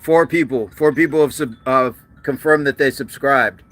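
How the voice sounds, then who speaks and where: Bright-voiced man chatting on a livestream. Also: medium pitch. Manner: chatty and joking, with quick asides and restarts. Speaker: livestream host. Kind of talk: casual live-stream chat, reading comments aloud.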